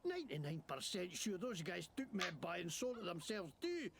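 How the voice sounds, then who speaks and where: A man's voice: sits high, very animated, normal speed, gravelly, slight background noise, heavily acted. A man voicing a shifty male wasteland mechanic in a video game, talking in a put-on Scottish brogue, rambling and indignant.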